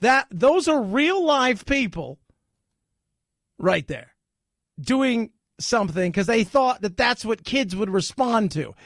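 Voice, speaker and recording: A man's voice: very high-pitched, big pitch swings, takes it slowly, a bit bright, no echo, clean studio sound. A man hosting a talk radio show, joking and sarcastic in a rambling commentary.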